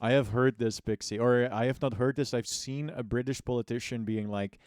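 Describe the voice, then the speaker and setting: A man's voice: medium pitch, fairly even intonation, normal speed, darkish tone, clean tone, dry recording. A male streamer chatting casually while he plays a game. He jokes loosely with his chat, swears freely and laughs often between his lines.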